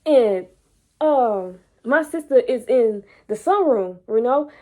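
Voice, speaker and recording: A young woman vlogs in a casual storytelling voice that sits slightly high. She repeats and restarts phrases and gets louder and higher as excitement builds. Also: slow. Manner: animated, repeats words, rises high and loud when excited. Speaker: vlogger and entrepreneur.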